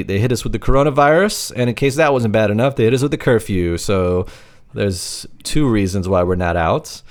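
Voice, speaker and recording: A man co-hosting a podcast from his apartment, chatting casually and rambling with lots of filler words. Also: lowish voice. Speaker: podcast co-host. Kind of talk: casual chat.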